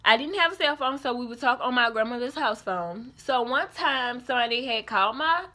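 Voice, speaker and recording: A young woman telling a casual storytime vlog, animated and acting out the people in her story. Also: on the high side, a little fast. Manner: animated storytelling, quoting others in put-on voices. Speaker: vlogger.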